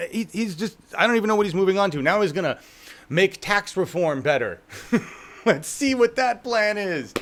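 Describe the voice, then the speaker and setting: A man's voice: sits high, big pitch swings, moderate pace, a bit bright. A man co-hosting a casual political talk show, profane and mocking, often acting out the people he talks about. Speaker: co-host.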